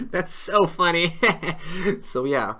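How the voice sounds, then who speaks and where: A man's voice: a little high, big pitch swings, normal speed, fairly bright tone. A man hosting a casual live market-commentary stream who rambles, jokes and often cuts himself off mid-sentence. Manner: rambling, joking, self-interrupting. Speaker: livestream trading host.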